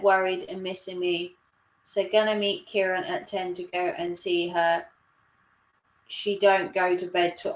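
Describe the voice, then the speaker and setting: A woman chatting casually on a live stream, rambling and laughing often. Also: mid-range voice. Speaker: livestreamer. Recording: roomy echo.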